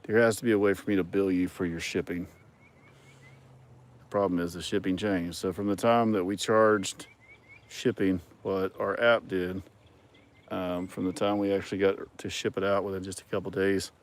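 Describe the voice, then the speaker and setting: A man's voice: low-pitched, little pitch movement, moderate pace. A man hosting a casual livestream, reading viewer comments and talking in a rambling way with many ums and some dry sarcasm. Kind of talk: casual chat.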